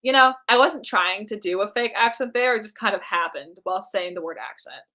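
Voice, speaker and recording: A woman's voice: medium pitch, expressive, fairly quick, pushed and bright, low-quality recording. A young American woman chatting casually on a drawing live stream, rambling and self-mocking, with lots of ums and trailing thoughts. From United States. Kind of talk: casual chat while drawing.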